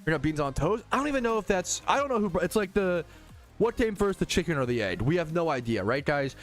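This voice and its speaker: Animated profane American streamer. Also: male voice, a little high, quick pace, faint music behind. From United States. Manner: profane, animated, heated ranting. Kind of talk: casual ranting to chat.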